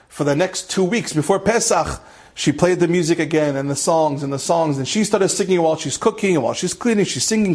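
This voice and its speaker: A man, a rabbi, tells an inspirational story with mounting passion and sprinkles in Hebrew and Yiddish terms. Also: slightly rough. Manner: impassioned, climbs higher and louder at emotional peaks. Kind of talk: animated storytelling lecture.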